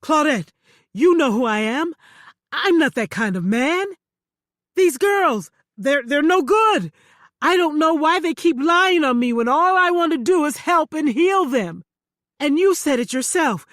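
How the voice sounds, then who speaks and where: A woman voicing a self-righteous male faith healer who stammers and insists loudly on his innocence. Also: high voice, lively intonation, a little slow, no room sound, studio quality, voice pushed up. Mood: defensive, pleading.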